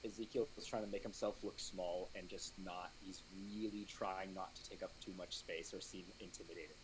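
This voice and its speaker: Low-ish guy describing his character, calm, noisy mic. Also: fairly quick. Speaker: player. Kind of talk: playing a character in a tabletop game.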